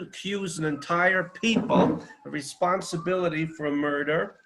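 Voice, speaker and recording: A man's voice: a little high, fairly bright tone, poor audio. A man speaking at a seminar in a fiery, declamatory, rhetorical way. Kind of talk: impassioned seminar talk.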